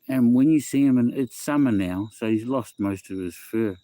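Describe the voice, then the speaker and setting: Speaking at a moderate pace with a warm, medium-pitched voice and no echo, a middle-aged Kiwi man chats casually with viewers on a phone livestream. He rambles, says things more than once, reads the chat out loud and sprinkles in "bro" and "eh."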